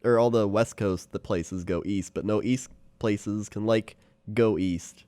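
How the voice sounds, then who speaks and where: A man co-hosting a podcast in relaxed casual chat, sick with a cold and stuffy. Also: lowish voice, measured pace, dry recording. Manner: laid-back, laughs along. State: has a cold. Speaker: podcast co-host.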